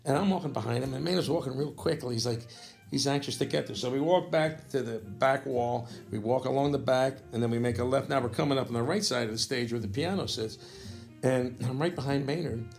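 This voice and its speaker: A man in his fifties, a jazz saxophonist, telling a story in a rambling, animated way, with restarts and frequent throat-clearing. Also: medium pitch, a little fast, faint music behind. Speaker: jazz saxophonist recounting a memory. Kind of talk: casual spoken storytelling.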